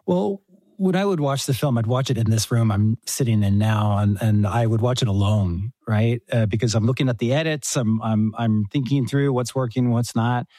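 A man's voice: mid-range voice, moderate pace, hardly any pauses, mellow, no echo, rough recording. A man, a documentary filmmaker, talking earnestly in an interview with many fillers and restarts. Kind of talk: casual interview talk. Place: home room.

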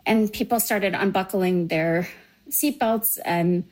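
A middle-aged woman slowly recounting a personal memory, halting and emotional. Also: mid-range voice, a little mellow, poor audio. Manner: slow, halting, emotional recollection. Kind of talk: personal storytelling.

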